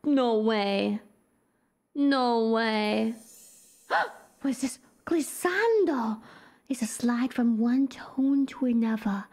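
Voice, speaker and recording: A woman's voice: fairly high pitch, animated, extremely slow, darkish tone. A young woman streaming a game, gasping and reacting playfully as she reads in-game text aloud.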